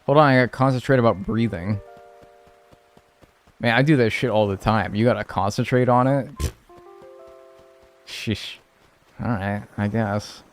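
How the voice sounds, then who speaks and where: A man's voice: lowish voice, a little slow, long pauses, soft background music. A man streaming a video game, chatting with his viewers in a loose, slangy way and saying "dude" and "like" often. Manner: laid-back, slangy, says "dude" and "like" a lot, reads and answers chat. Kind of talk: casual live-stream chat over gameplay.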